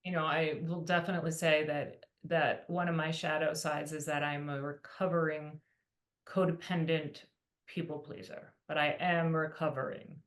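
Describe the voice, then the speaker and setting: A woman from Texas, a healer guest, answering gently and hesitantly in an interview. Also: deep voice, little pitch movement, normal speed. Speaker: guest healer and yoga teacher.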